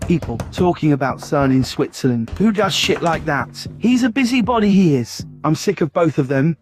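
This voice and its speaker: A man's voice: fairly high pitch, lightly acted. A man voicing a scheming, pompous demonic spirit boss with a sneering, theatrical manner. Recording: music playing loudly behind.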